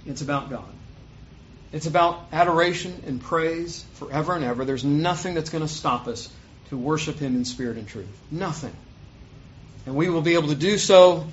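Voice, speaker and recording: High-voiced preacher, booming. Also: male voice. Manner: booming on scripture, drops low and quick for asides. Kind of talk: sermon with scripture reading. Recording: dull lo-fi sound.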